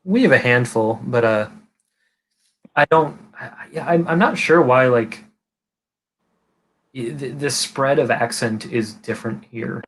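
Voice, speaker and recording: A man's voice: medium pitch, a little slow, pauses often, fairly bright tone. Californian man, stream host, rambly with many restarts, casual swearing, faint background noise. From California, USA. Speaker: livestream host. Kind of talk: casual chat.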